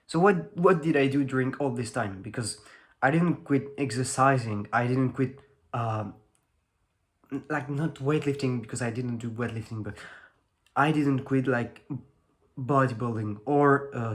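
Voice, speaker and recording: A teenage French guy talks to the camera in English with a clear French accent, his voice at an ordinary middle pitch. He rambles loosely, stacking fillers and restarting his sentences as he goes. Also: unhurried. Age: teens. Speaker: fitness vlogger. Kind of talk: casual talk to camera.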